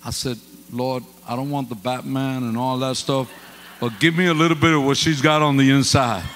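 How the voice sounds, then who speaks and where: A man preaching a storytelling sermon as pastor, swinging from quiet asides to loud exclamations, speaking into a microphone in a church sanctuary. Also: medium pitch, steady tone, moderate pace. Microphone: handheld or stand mic. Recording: reverberant church hall with faint hum.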